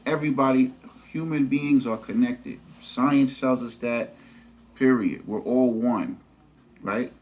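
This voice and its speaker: A man's voice: mid-range voice, takes it slowly, a little mellow. A man telling a story to camera in a casual, slangy vlog full of fillers. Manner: conversational, slangy, lots of fillers and "you know what I'm saying". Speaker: vlogger.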